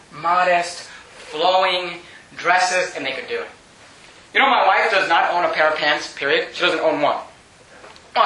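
A man's voice: high-pitched, sharp tone, a little hiss or hum. A male pastor preaching an emphatic, repetitive sermon in a church. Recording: very echoey room.

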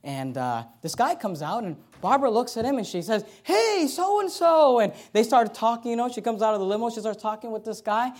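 A man with a strikingly high voice for a male speaker preaches to his congregation. He exhorts his listeners, pushing hard on key points and then dropping into quiet, conversational asides. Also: expressive, fast talker, few pauses. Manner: exhorting preacher, swings between loud emphasis and quiet asides. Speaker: pastor. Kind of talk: sermon.

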